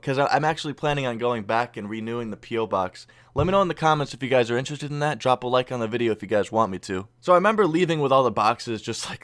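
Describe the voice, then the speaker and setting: A young man recounts a funny story in a loose, casual vlog voice. He swears freely and gets animated, with a voice at a middle pitch for a man. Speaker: YouTuber. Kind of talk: storytime commentary over gameplay.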